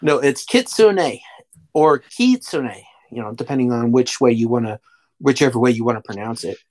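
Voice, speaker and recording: A man's voice: medium pitch, fairly even intonation, fast, a little mellow. Easygoing man, hesitant and polite. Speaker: podcast guest. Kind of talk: casual podcast chat.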